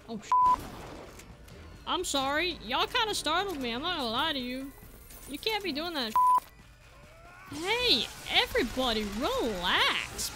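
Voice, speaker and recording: A high-pitched woman gives casual let's-play commentary, jokey and chatty with the characters she meets. Her voice swings widely in pitch, with game music clearly audible beneath it. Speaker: gamer playing on video.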